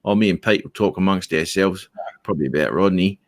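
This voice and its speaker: A man's voice: low voice, fairly quick. A man with an Australian accent chatting casually on a video call, rambling and laughing often, full of slang. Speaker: guest on a live chat stream. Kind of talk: casual chat.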